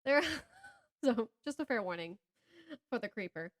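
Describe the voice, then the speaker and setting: A woman with a Southern American accent chats about books on a casual podcast. Her voice sits somewhat high. She rambles, breaks off mid-sentence and laughs a lot as she talks. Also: lively intonation, a little slow. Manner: rambling, self-interrupting, laughs often. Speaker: podcast co-host.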